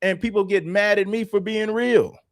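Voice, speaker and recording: A man's voice: high voice, fairly even intonation, moderate pace, no echo, clean studio sound. A man casually commenting on a livestream, plain-spoken and repeating points for emphasis. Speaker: streamer host.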